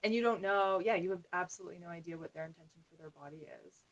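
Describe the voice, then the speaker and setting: A woman wellness coach as a podcast guest, talking in an animated way with frequent "like". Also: lowish voice, fast talker, dull audio, noisy background. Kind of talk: conversational podcast interview.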